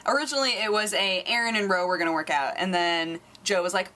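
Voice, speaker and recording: A young woman telling a casual story on her vlog, animated and acting out quotes in squeaky voices. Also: fast, few pauses. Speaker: vlogger.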